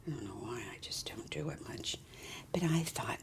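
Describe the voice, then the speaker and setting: A woman hosting a doll vlog in casual chat, cooing softly to a doll and often dropping to a half-whisper. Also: very deep voice, lively intonation, a little slow, gravelly. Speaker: doll collector and channel host.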